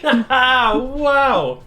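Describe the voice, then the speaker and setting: A man's voice: very high-pitched, animated, extremely slow, sharp tone, faint music behind. A man chatting casually, hesitant and joking, with lots of fillers. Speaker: guest. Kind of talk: casual chat.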